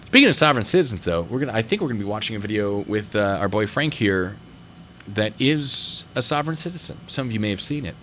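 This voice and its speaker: A man's voice: fairly low pitch, sing-song, fast talker, fairly bright tone, a little hiss or hum. A man hosting a video review show, talking casually and wandering into jokey tangents. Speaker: host reviewing traffic stop videos.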